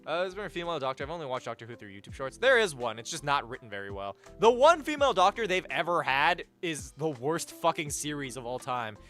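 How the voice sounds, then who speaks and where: A young adult man streaming live, chatting casually with viewers in a rambling, profane, animated way. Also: on the high side, fast, hardly any pauses, faint music behind. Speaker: livestreamer.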